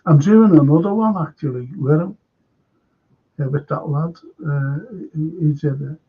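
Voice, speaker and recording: A man's voice: a little high, normal speed, husky, narrow, tinny audio. A man with a Scouse accent hosting a live stream, chatting casually in a rambling, stop-start way and reading out viewer comments.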